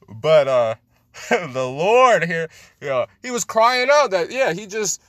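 A man's voice: high voice, sing-song, slow, a bit bright, dry recording. A man teaching a scripture lesson in a street style, preachy, emphatic and full of profanity.

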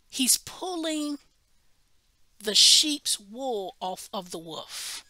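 Animated woman preacher, bright dry voice. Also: on the high side, takes it slowly, dry recording. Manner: animated storytelling, acts out quoted voices; emphatic with repeated restarts. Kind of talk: Bible study teaching.

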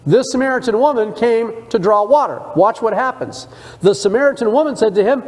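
A man's voice: very high-pitched, fairly quick, long reverb tail. A man teaching a church discipleship class, reading scripture aloud and stopping to comment in a conversational way. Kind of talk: Bible study sermon. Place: church sanctuary.

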